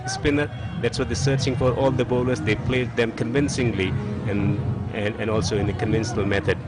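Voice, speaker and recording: A man giving earnest live cricket commentary, often repeating words as he restarts a phrase. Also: mid-range voice.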